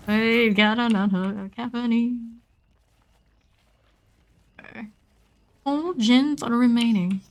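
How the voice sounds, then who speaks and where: This woman's game-streaming commentary is relaxed and chatty, full of self-talk, playful asides, and sudden squeals of excitement. She speaks on the high side, slowly, with frequent pauses.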